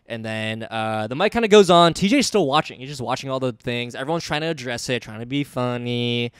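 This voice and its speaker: A man co-hosting a podcast, telling a long story in a rambling, animated way, full of fillers and acted-out quotes. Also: medium pitch, brisk, smooth, no echo, clean studio sound. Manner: rambling, animated, acts out others' voices, many fillers. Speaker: podcast co-host. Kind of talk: casual storytelling chat.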